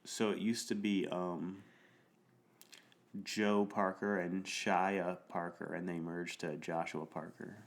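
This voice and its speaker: A man co-hosting a podcast, recapping a TV episode in a slow, halting way with lots of fillers. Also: deep voice, little pitch movement, vocal fry. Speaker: podcast co-host. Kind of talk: casual chat recapping a TV episode.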